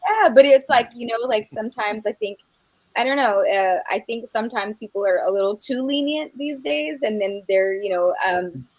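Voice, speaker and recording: A woman's voice: fairly high pitch, moderate pace, dry recording, rough recording. Rambling middle-aged woman, many fillers. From New Mexico. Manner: laughs easily. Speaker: singer guest. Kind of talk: casual interview chat.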